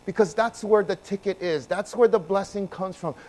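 Preaching at a normal speed, a pastor swings between soft, low passages and loud, emphatic ones. He also puts questions to his congregation.

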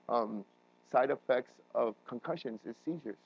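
A man preaching a sermon as a pastor, earnest and emotional, his voice building to loud emphatic peaks. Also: mid-range voice, fairly even intonation, a little slow, muffled recording. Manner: emotional, voice rising and breaking while retelling a crisis.

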